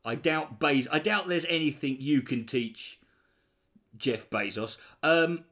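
A man's voice: fairly high pitch, slow pace, a bit bright. A man giving sweary, sarcastic reaction commentary on a video he mocks. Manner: sarcastic, swearing, mocking mimicry.

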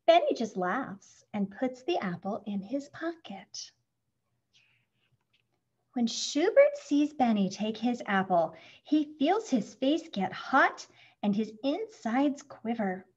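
A woman reading a children's picture book aloud, expressive and acting out the sound words. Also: on the high side, takes it slowly, slightly rough. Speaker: storybook reader. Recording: muffled lo-fi recording.

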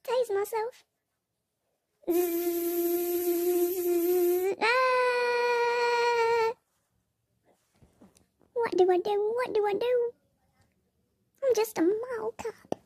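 A very high, squeaky voice of a sad male mall cop in a bunny costume, as someone puts him on. He whines, begs and pities himself in a slow, drawn-out game role-play story, often near tears. The sound is close and dry. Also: dark tone, no room sound. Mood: mopey, weepy. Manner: whiny, self-pitying, pleading.

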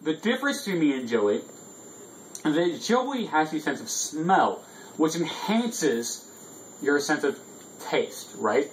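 A man's voice: on the high side, very animated, slow pace, slight background noise, rough recording. A drunk man hosting a casual vlog, rambling loosely and swearing freely. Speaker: vlog host. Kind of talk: casual chat.

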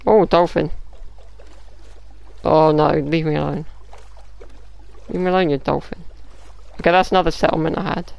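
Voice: medium pitch, steady tone, normal speed, vocal fry, pauses often, a little mellow, clear, resonant tone, highs cut off. A gaming YouTuber, giving casual gameplay commentary, muttering to themself, swearing and throwing out mock-dramatic taunts.

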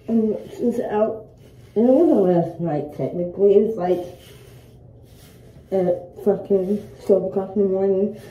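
A woman's voice: medium pitch, highs cut off, a little hiss or hum. A tired teenage girl chatting casually and profanely to her viewers while getting ready at home. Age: late teens. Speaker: vlogger. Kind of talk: casual get-ready-with-me chat. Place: indoors at home by a mirror. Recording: echoey room, faint ambience.

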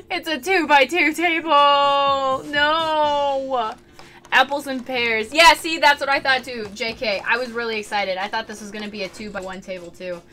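Excitable streamer girl chatting over a game, bright voice, a bit high, faint music underneath. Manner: chatty, bursts into excited squeals and laughter. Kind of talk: casual game-stream chat.

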